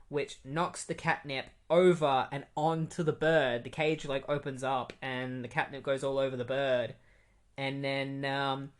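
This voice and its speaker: A comic book podcast host talks through an issue in a loose, chatty way. The delivery is amused, with frequent fillers and side remarks. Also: mid-range voice. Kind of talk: casual comic recap.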